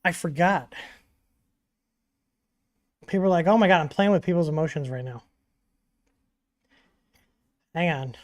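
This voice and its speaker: A man hosting a casual livestream Q&A, talking in a relaxed, chatty way with frequent ums and asides, from a home studio. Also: fairly high pitch, moderate pace. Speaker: livestream host answering 3D printer questions. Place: home studio with dogs nearby.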